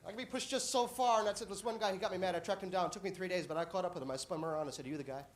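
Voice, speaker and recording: A man doing a stand-up comedy routine on a club stage, deadpan setups that burst into shouted punchlines. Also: high voice, racing. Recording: live club audience laughing. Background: audience laughter and applause.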